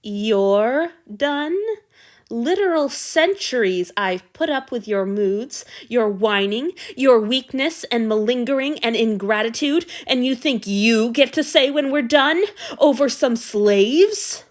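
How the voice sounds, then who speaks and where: A woman's voice: high-pitched, expressive, measured pace, voice pushed up. A woman voicing a centuries-old male vampire who is possessive and violent, shifting between snarling and false soothing, in a fan fiction reading. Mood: mocking, furious.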